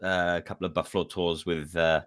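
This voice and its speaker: This is a man, a guest singer, chatting in a relaxed and friendly way. His voice is very deep. The sound is dry and close to the mic. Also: a little fast, smooth, dry recording. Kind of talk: casual interview chat.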